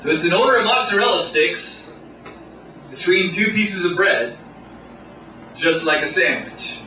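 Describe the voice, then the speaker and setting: A man doing a stand-up comedy set on a small club stage, with a deadpan, halting delivery full of pauses. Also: high-pitched. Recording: echoey room, distant mic, noisy. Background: audience laughter.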